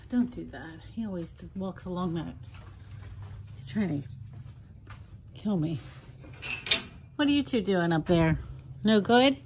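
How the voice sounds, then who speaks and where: A woman on a casual vlog, caring for rescued foxes in their outdoor pens. Her high, cooing baby talk leaps up and down in pitch, and her asides to the camera drop to a soft mutter. She talks in a slow, unhurried way. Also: background noise. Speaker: fox rescue caretaker. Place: outdoor fox enclosures.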